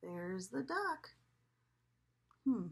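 A preschool teacher reading a picture book aloud to young children, asking them coaxing questions and dropping now and then to a whisper. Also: female voice, fairly high pitch, creaky, slightly rough. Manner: animated, slow, coaxing questions to children, drops to a whisper at times.

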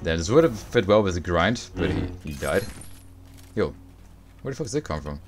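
A young man livestreaming a video game, chatting with viewers, swearing and reacting loudly to the game. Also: low voice, very animated, normal speed, soft background music. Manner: profane, reacts loudly to the game, answers chat. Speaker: streamer. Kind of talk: casual gaming livestream chat.

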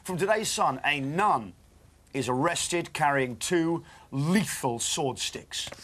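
A man's voice: fairly high pitch, expressive, takes it slowly, fairly bright tone, slight background noise. A British man presenting live breakfast television, reading newspaper puns with playful, mock-indignant banter. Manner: playful, mock-indignant, jumps between bits. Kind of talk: jokey live studio banter.

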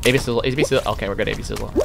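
A man streaming a platform game, talking casually in an excitable, boastful way with sudden yelps. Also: on the low side, rapid-fire, gravelly, over music. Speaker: livestreamer. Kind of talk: casual gaming commentary.

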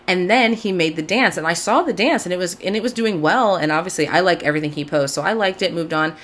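A woman's voice: fairly low pitch, quick pace, fairly bright tone. A young woman from Southern California hosting a casual video podcast, gushing and chatty with lots of "like". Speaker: podcast host. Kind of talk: casual chat to camera. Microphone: camera mic, video-call style.

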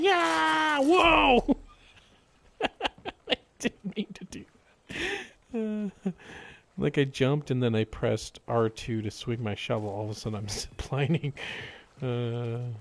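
Animated, joking man narrating his gameplay. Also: medium pitch. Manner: joking, rambling, talks to himself while playing. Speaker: gameplay commentator. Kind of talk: casual let's-play commentary.

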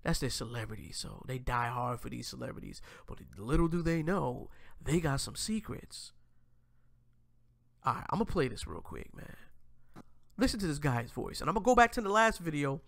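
A man's voice: mid-range voice, sing-song, moderate pace, vocal fry, a bit bright, no room sound. A man hosting a casual commentary show, reacting to clips and talking straight to viewers in slangy, profane talk. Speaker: host.

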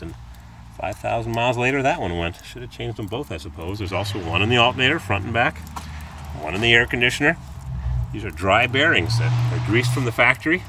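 Outdoors in a driveway, a man fixing his car films the process on a handheld phone, keeping up a loose, chatty commentary. His voice comes across pushed and bright with slight background noise, and now and then he imitates squeaks in a high register.

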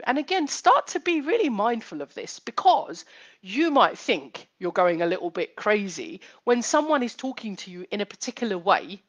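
A woman's voice: fairly high pitch, fairly bright tone. A woman psychotherapist hosting a live stream, explaining step by step, repeating key points and asking rhetorical questions. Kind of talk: live-streamed teaching talk.

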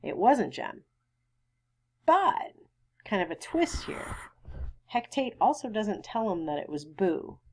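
A woman's voice: mid-range voice, sing-song, measured pace. A woman teacher reading a novel aloud and stopping to explain it to her students in a conversational way. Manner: conversational, stops to explain and quiz.

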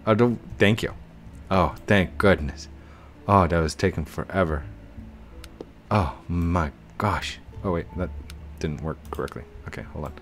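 Male gaming YouTuber, deep unhurried voice, casual running commentary, goofy pleading, faint music behind. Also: animated. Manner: chatty, laughs often, goofy pleading bursts.

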